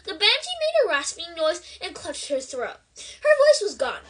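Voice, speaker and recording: A woman reads a novel aloud in an expressive storytelling way. Her voice is high and very lively, climbing and dipping from phrase to phrase. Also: normal speed, poor audio. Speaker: book reader.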